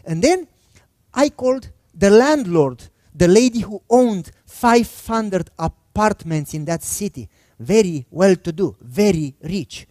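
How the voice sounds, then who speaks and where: A man's voice: sits high, animated, slow pace, darkish tone, dry recording, clean studio sound. A middle-aged male pastor preaching a sermon, telling a personal story in a conversational way and acting out the dialogue. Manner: conversational, acts out quoted dialogue.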